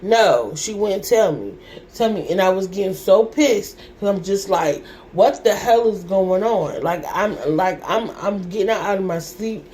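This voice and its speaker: A woman's voice: mid-range voice, lively intonation, unhurried, darkish tone, slight background noise. A young adult woman telling a personal story to her viewers in an emotional, repetitive, colloquial way. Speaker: vlogger.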